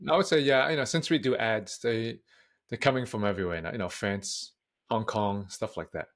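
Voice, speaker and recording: A man's voice: on the low side, normal speed. A man who is a public speaking coach, speaking as a guest in a casual interview in a frank, direct way. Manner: frank, direct, matter-of-fact.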